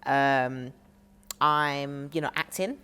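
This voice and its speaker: Young woman, very low voice, chatty, laughs a lot, casual interview guest. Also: fairly even intonation, slow pace, pushed and bright, clean tone. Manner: chatty, laughs often, trails off with fillers. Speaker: comedian and scriptwriter guest.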